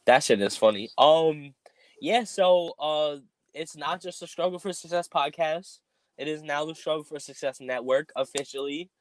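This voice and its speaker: A man's voice: on the high side, moderate pace, no echo. A man hosting a casual podcast, rambling with lots of ums while making announcements. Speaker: podcast host.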